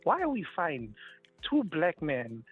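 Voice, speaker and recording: A South African man calling in, quick to protest and laugh, with lively pitch that sits a little high. He comes through a tinny phone line, faint music under him. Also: slightly rough, no echo. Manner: laughing, quick to protest, keeps saying sir. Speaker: caller.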